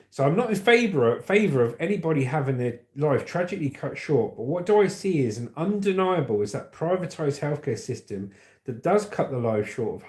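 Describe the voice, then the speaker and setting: A man's voice: medium pitch, a little mellow. A man hosting a casual live stream, chatting, laughing often and reading out viewer comments. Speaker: livestream host. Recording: echoey room.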